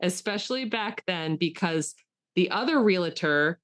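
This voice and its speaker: A woman's voice: fairly low pitch, expressive, unhurried. A woman co-hosting a podcast, talking enthusiastically about a film in casual chat with lots of fillers. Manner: chatty, enthusiastic, with frequent fillers and restarts. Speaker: podcast co-host.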